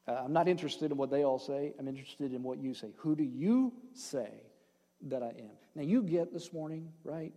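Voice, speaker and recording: Male pastor, sermon, high voice, long reverb, loud then hushed emphasis, joking asides. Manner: swings between loud emphasis and hushed, slowed phrases; conversational, with asides and playful jokes.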